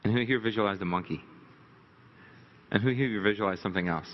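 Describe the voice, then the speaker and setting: A man's voice: lowish voice, brisk, slight background noise. A man telling a candid, rambling, self-deprecating story to a live audience as a motivational speaker. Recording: dull lo-fi recording in a reverberant hall.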